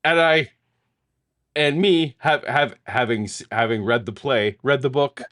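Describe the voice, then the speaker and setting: A man's voice: mid-range voice, unhurried, fairly bright tone. A middle-aged man co-hosting a casual chat, telling a long self-deprecating story full of restarts. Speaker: podcast co-host.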